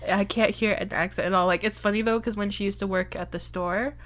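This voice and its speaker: A woman's voice: mid-range voice, steady tone, brisk, a bit bright. A woman from Arizona co-hosting a casual movie podcast, chatting in a rambling way with lots of fillers. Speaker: podcast co-host. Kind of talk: casual chat.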